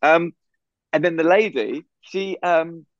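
A man co-hosting a podcast, telling a rambling, animated anecdote over a video call. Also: a little high, takes it slowly, no echo. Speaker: podcast co-host. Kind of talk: casual storytelling chat. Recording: slightly muffled video call audio.

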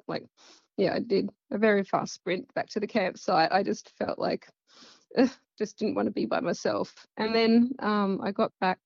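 A woman's voice: mid-range voice, vocal fry, darkish tone, dry recording, muffled recording. A woman with an Australian accent, telling a personal story in a casual, rambling way full of fillers. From central west Queensland, Australia. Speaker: guest.

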